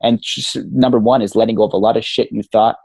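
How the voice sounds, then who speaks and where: A man's voice: lowish voice, steady tone, quick pace, vocal fry, darkish tone, husky, dry recording. A man guesting on a podcast as a coach, talking casually and with animation, swearing freely and saying "man" and "you know" a lot. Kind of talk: casual interview talk.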